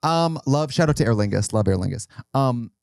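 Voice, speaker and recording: A man co-hosting a comedy podcast, trading deadpan quips in casual chat. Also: mid-range voice, a little fast, vocal fry, no room sound, clean studio sound. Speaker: podcast co-host.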